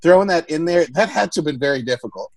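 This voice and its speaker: A woman's voice: deep voice, animated, fast talker. A woman co-hosting a podcast, chatting casually about a movie, laughing often and teasing playfully. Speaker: podcast co-host. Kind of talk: casual movie review chat.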